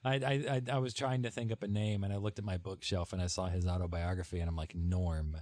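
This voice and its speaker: A man's voice: sits low, level tone, fast talker, darkish tone, dry recording, clean studio sound. A man co-hosting a casual podcast chat, jokey and playful. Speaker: podcast co-host.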